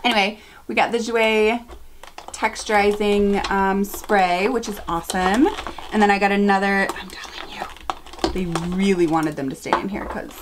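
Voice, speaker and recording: A woman's voice: mid-range voice, steady tone, moderate pace, a little hiss or hum. A woman in her thirties at home, chatting casually to camera as a beauty vlogger, gushing and full of fillers and asides. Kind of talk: casual haul review to camera.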